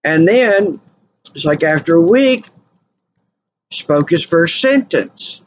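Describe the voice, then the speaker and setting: A woman's voice: fairly low pitch, expressive, takes it slowly. A woman telling stories in a rambling, casual monologue, repeating and correcting herself. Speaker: channel host. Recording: dull lo-fi recording with faint noise.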